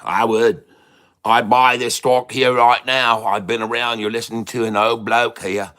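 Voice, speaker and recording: A man voicing a brash, excitable old Australian wildlife expert with a put-on Australian accent, rambling and laughing often. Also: mid-range voice, unhurried, smooth. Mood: boisterous. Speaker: day-trading streamer.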